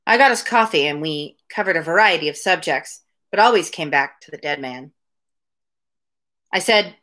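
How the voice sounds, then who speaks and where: A woman's voice: deep voice, expressive, normal speed, fairly bright tone. A woman reading a novel aloud on a home livestream, breaking off now and then for chatty asides to her viewers. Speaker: reader of a daily livestreamed book reading. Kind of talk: read-aloud livestream narration. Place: home room with window blinds.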